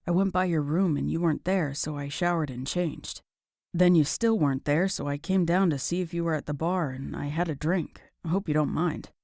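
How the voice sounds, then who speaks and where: A woman voicing a relaxed, teasing young male firefighter in a romance audiobook, dropping her voice a little. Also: low voice, normal speed, gravelly, no room sound, clean studio sound. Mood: easy.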